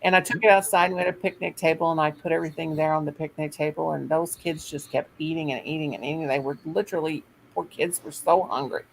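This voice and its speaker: A woman's voice: low voice, fast, gravelly, few pauses, a little hiss or hum, low-quality recording. An older woman, a teacher, telling a rambling story in casual chat and acting out what other people said. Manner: rambling, animated quoting of others.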